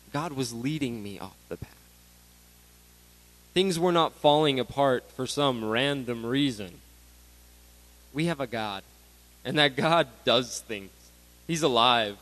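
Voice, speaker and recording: Young guy preaching at a graduation, lively, goes loud then real quiet. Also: mid-range voice, poor audio. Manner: animated, swings between loud bursts and hushed asides. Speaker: graduation speaker. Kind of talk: sermon.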